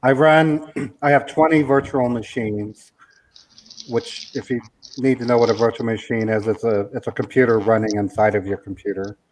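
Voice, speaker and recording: A man's voice: mid-range voice, steady tone, normal speed, a little hiss or hum, low-quality recording. A male guest explaining a technical setup in a methodical, step-by-step way. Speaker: guest scam baiter.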